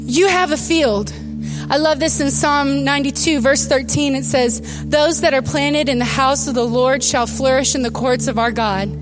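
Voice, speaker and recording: High-voiced woman pastor preaching over music. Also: moderate pace. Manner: emotional, tearful at moments, animated storytelling. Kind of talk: sermon.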